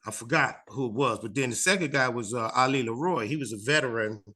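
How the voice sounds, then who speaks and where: A man's voice: medium pitch, fast. A man in his fifties with a Chicago accent, a comedian telling a long story in an interview and acting out the voices of the people in it. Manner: animated storyteller, acts out other people's voices.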